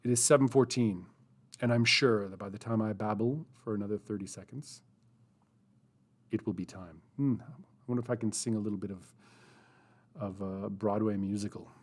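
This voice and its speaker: Hosting a live writing session, a man chats casually and thinks aloud as he types, rambling and poking fun at himself. His fairly low voice holds a steady tone at normal speed, and he pauses often.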